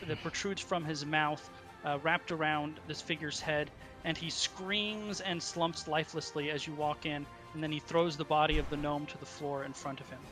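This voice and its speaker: A man narrating as dungeon master, halting often with ums and uhs. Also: fairly high pitch, fairly even intonation, over music. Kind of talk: narrating a tabletop game.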